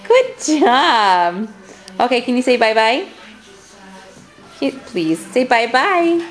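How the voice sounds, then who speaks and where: A woman's voice: fairly high pitch, big pitch swings, takes it slowly, faint music behind. A mother at home patiently coaxing her toddlers to sign, repeating simple words and praising each try.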